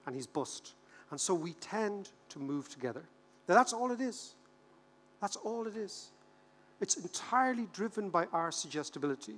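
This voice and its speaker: An Irish man in his fifties giving a humorous conference keynote, animated and joking, repeating words for rhythm. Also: sits high, normal speed. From Ireland. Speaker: keynote speaker. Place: large conference hall. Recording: reverberant conference hall.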